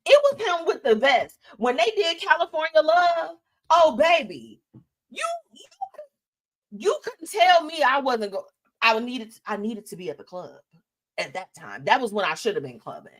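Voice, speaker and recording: A woman hosting a live show, chatting casually about celebrity news in an animated, sassy way and reading out viewer comments. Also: high voice, moderate pace.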